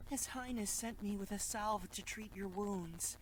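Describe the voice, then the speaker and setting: A performer voicing a gentle, worried young palace boy who sounds tearful and pleading, for a visual novel read aloud. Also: medium pitch, a little slow, slight background noise, natural voice. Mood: worried, tender.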